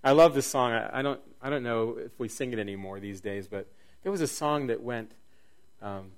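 A middle-aged man preaching a sermon, swinging from near-shouts down to a soft, low voice. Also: normal speed. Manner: dynamic preaching, rising to near-shouts then dropping soft. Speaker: pastor.

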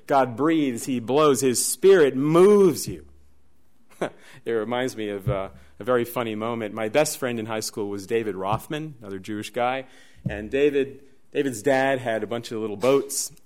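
A man preaching a sermon, telling stories in an animated, lively way. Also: medium pitch. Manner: animated storyteller, shouts and laughs in the dramatic parts. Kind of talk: sermon with storytelling.

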